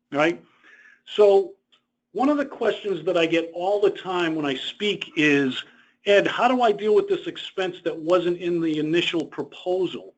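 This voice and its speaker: A man presenting a webinar lecture in a conversational way, explaining rules through personal stories. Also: high voice. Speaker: presenter on government contract costs. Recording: dull lo-fi webinar audio.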